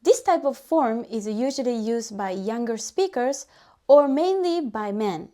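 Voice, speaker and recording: Woman teacher, fairly high, mellow voice, patient step-by-step explainer. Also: animated, a little slow. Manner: patient, methodical explaining with spoken examples. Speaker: language teacher.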